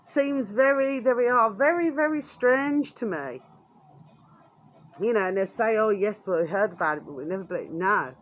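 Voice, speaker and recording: With a mid-range voice, lively intonation and a moderate pace, a British woman vents furiously in a vlog. Her talk is coarse and blunt, thick with swearing and the recurring filler "there we are."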